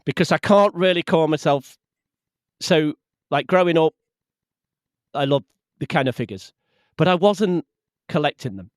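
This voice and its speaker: A man, a podcast guest in casual chat, lively and quick to laugh. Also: on the high side, dry recording, studio quality.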